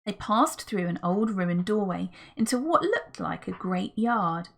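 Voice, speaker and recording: A woman's voice: medium pitch, lively intonation, a little slow, creaky. A woman reading a children's adventure book aloud as a narrator, telling the story expressively. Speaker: audiobook reader.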